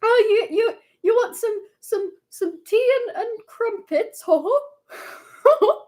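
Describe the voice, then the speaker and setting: A woman's voice: extremely high pitch, slow pace, a little mellow, voice pushed up. A woman hamming up a chortling British man. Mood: jolly. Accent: British put-on. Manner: chortling "ho ho", hammy. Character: jolly chuckling British man, exaggerated.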